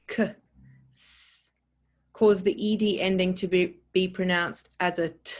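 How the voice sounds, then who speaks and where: A woman teaching a pronunciation lesson, saying words slowly and clearly, repeating them and spelling them out letter by letter. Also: medium pitch, fairly bright tone.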